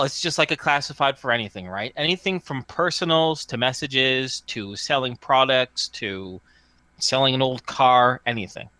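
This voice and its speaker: Animated man running a tabletop game, bright voice, dry close mic. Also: mid-range voice, no echo. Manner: rambling, with fillers and restarts. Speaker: game master.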